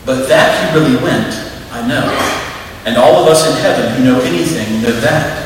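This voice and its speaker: A man's voice: mid-range voice, normal speed, a little hiss or hum, natural voice. A man voicing a senior, experienced angel who explains things solemnly and a little stiffly. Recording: echoey hall from far off.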